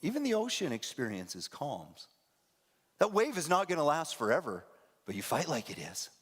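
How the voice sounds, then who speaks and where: A male pastor preaches with an animated delivery, his voice sitting fairly high and swinging widely in pitch. He acts out scenes in different voices. The sermon rings through a church sanctuary with a long reverb. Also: moderate pace, husky. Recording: echoey church hall.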